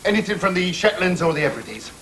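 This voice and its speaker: A man's voice: sits high, big pitch swings, quick pace, a bit bright, a little hiss or hum. A man with an English accent playing a pushy young husband, a trainee salesman who rambles eagerly and keeps saying "I mean", in a studio sitcom. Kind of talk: 1980s studio sitcom acting.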